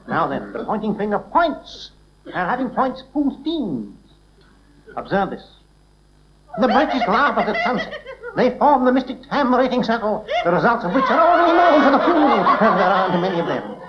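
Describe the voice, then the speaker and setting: A man delivers pompous mock-newsreel commentary in a 1960s TV comedy sketch. His voice is high and lively. Loud hiss covers the old television soundtrack. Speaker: mock documentary narrator.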